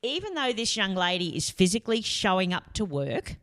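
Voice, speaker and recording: A woman giving a lively motivational talk, telling stories and putting on voices. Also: medium pitch, a little fast. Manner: lively, storytelling with put-on voices. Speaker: motivational speaker.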